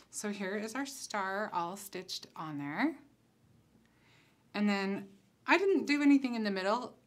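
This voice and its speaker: A woman giving a casual craft tutorial, chatting and thinking aloud as she works at her table. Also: medium pitch. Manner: chatty, relaxed, thinks aloud while working. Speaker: concept designer demonstrating crafts.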